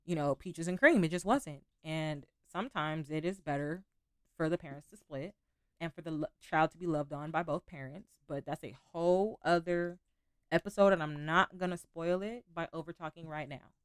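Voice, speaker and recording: A woman's voice: low-pitched, normal speed, clean tone, no room sound, studio quality. A young woman hosting a podcast, talking candidly and casually about relationships, with some swearing. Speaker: podcast host.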